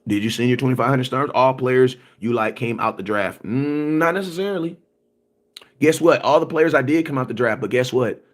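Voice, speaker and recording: This sports content creator speaks at medium pitch and a moderate pace while hosting a livestream, ranting forcefully in slangy, repetitive talk. He checks in with viewers, responds to their comments as they come, and often asks "you know what I'm saying."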